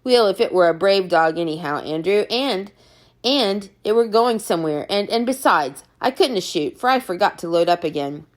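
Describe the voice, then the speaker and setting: A woman voicing a quiet, hesitant young Scottish ex-soldier who speaks in a halting, soft-spoken Scottish dialect. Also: medium pitch, expressive, natural voice.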